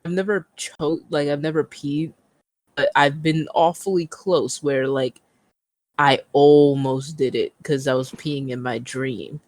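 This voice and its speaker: A woman's voice: low-pitched, fairly even intonation, measured pace, a little mellow, no room sound. A woman co-hosting a podcast, telling a story in laid-back casual chat and swearing freely. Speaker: podcast co-host.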